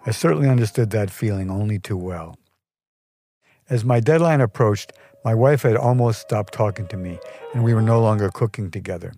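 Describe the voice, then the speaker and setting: An older man narrating a personal story for his podcast, wry and measured. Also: lowish voice, warm tone. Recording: dry close mic, faint music.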